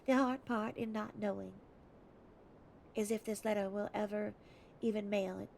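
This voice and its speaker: Kind Australian woman in her thirties writing a letter, as played by a woman in a put-on Australian accent, earnest and heartfelt, with a very gravelly, creaky voice. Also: medium pitch, fairly even intonation, normal speed, a little mellow, slight background noise, lightly acted.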